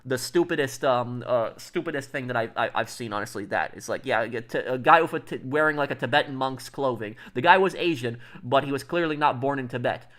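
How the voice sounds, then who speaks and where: A man's voice: mid-range voice, fairly quick, few pauses, a bit bright. A man streaming and chatting casually with viewers, rambling with lots of fillers and restarts. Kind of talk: casual livestream chat.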